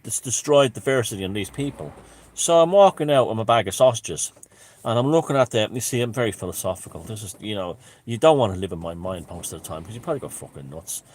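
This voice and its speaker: A man's voice: on the low side, darkish tone. A man telling a casual story in a rambling way, with many restarts and asides and a wry, self-mocking streak. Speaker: channel host.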